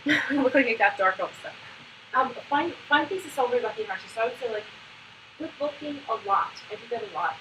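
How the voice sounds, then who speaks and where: A woman's voice: on the high side, animated. A woman coaching a new volunteer in a chatty way, with lots of "like" fillers. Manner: brisk, chatty, full of "like" fillers. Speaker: trainer of autism program volunteers. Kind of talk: hands-on instructional coaching. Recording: echoey room, distant mic, background noise.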